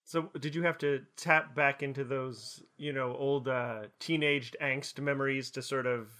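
Bright-voiced curious interviewer. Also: mid-range voice, fairly even intonation, measured pace. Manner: encouraging, curious questions. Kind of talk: casual interview chat.

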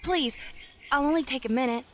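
A woman's voice: sits high, brisk, a bit bright, slight background noise. A young woman playing a polite door-to-door church missionary in an audio drama. She speaks with courtesy and says ma'am often.

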